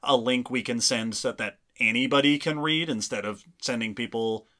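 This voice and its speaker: Bright-voiced male podcast co-host. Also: medium pitch, moderate pace. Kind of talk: casual science podcast chat.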